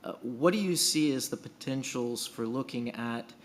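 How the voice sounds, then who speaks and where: A man's voice: medium pitch, moderate pace. Guy asking a long question, lots of uhs, bit of background hum. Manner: rambling, many uhs. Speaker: audience questioner.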